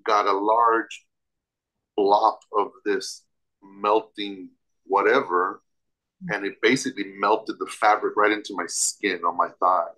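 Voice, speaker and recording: A man's voice: on the low side, steady tone, slow, sharp tone, low-quality recording. Emphatic man telling a story. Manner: vivid, emphatic storytelling with restarts. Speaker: interview guest. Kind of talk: telling a personal story in an interview.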